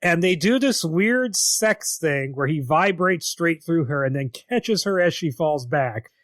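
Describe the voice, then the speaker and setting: A man's voice: fairly high pitch, animated, unhurried, a bit bright, no room sound, clean studio sound. A man co-hosting a podcast in casual chat, wry and laughing easily as he retells scenes, with some swearing. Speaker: podcast co-host.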